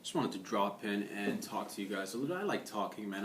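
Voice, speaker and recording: A man's voice: lowish voice, expressive, fairly quick, slight background noise. A young man talking in a casual, rambling monologue, laid-back and loose, tossing in "man" and "dude". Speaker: vlogger. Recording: roomy echo, distant from the mic.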